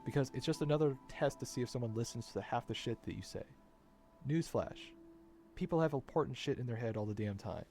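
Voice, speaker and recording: A man's voice: mid-range voice, warm tone, slight background noise. Frustrated man ranting, swearing. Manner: frustrated, swearing, repeats himself. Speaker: vlogger. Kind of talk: unscripted personal rant.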